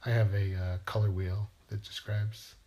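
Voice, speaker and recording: A man's voice: on the low side, little pitch movement, normal speed, mellow. A man, a writer, musing playfully in a rambling monologue and asking himself questions aloud.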